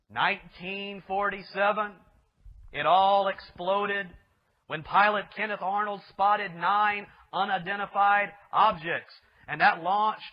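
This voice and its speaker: A male pastor preaching a sermon with emphatic delivery, asking rhetorical questions of his listeners. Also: high-pitched. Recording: dull lo-fi recording.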